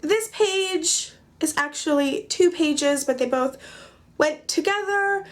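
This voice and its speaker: Young woman vlogging, high voice, chatty and self-mocking, jokes a lot. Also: takes it slowly. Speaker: craft journaling vlogger. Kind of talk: casual chat.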